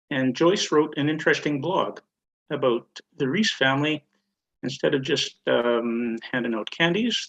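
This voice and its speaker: An older man telling a story on a church video call, measured and deliberate. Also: medium pitch, a bit bright, slightly rough, lo-fi sound. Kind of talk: casual storytelling.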